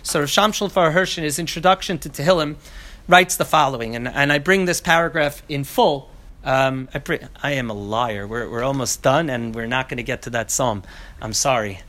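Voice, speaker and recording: Bright-voiced man lecturing with animated restarts. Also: medium pitch, fairly quick. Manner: animated, many restarts and asides. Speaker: teacher. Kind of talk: classroom lecture on scripture.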